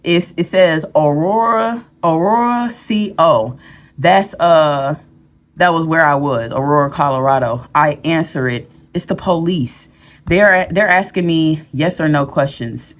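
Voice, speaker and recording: A woman's voice: deep voice, a little slow. A woman telling a true story to the camera in a candid, rambling way, with fillers and restarts. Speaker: storyteller vlogger. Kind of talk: storytime vlog.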